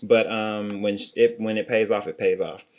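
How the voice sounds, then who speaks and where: A young man talking in a lowish voice, trading casual critiques with a friend. His delivery is blunt and sassy, full of quick asides and playful digs. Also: fairly even intonation. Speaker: co-host reviewing singing contest.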